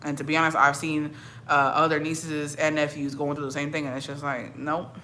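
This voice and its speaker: A woman's voice: sits low, flat delivery, brisk, pushed and bright, slight background noise. A young woman with a Mexican-American accent, switching into Spanish, chatting bluntly and profanely with her viewers. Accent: Mexican-American English with Spanish code-switching. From Mexican-American family. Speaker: streamer. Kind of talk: casual chat reacting to viewers.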